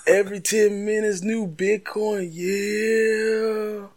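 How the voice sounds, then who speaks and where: A man doing an impression of a rapper on a podcast, slow gruff ad-libs. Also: sits high, level tone, voice pushed up. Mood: hyped.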